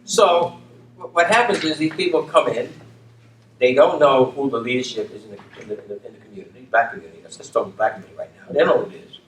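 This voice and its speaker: A man's voice: medium pitch, fast, fairly bright tone. Older man, emphatic, keeps asking "okay?". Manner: repeats "okay?" to check in, emphatic restatements. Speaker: community leader and former dean. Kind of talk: reflective conversation. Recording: roomy, distant mic with faint room noise.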